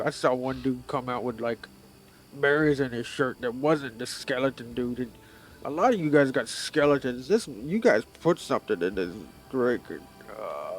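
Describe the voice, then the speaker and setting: A man's voice: mid-range voice, lively intonation, normal speed, lightly acted. Man voicing a rambling drunk hill giant. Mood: tipsy. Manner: rambling, slurring, grumbling.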